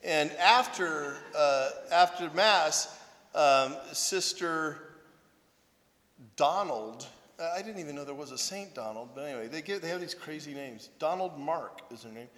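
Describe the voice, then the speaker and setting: A man's voice: on the high side, lively intonation, measured pace, a bit bright, big-room sound. A man who is a priest and monk, telling humorous self-deprecating stories in a conversational sermon, often checking in with "right?". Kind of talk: anecdotal sermon talk.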